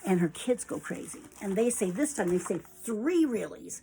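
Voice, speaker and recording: A woman reading a picture book aloud to children, animated and expressive. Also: mid-range voice, normal speed, creaky, hardly any pauses, a little hiss or hum, rough recording.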